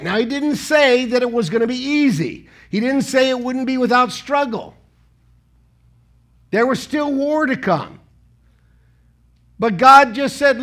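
High-voiced man preaching a lively sermon. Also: slow, long pauses. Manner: conversational preaching with sudden loud emphasis; asks the congregation rhetorical questions.

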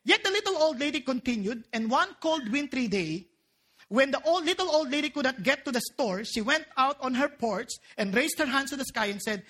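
Woman preacher: high, bright voice, lively and playful from the pulpit. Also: brisk. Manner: animated and joking, mixing in local phrases. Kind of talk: sermon.

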